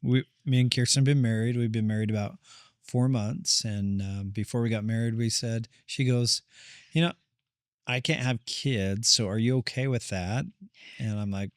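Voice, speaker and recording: A man's voice: mid-range voice, fairly even intonation, normal speed, clean tone, dry recording, studio quality. A man who is a therapist, a guest on a podcast, telling a family story in an earnest, rambling way and acting out what people said. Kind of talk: casual storytelling conversation.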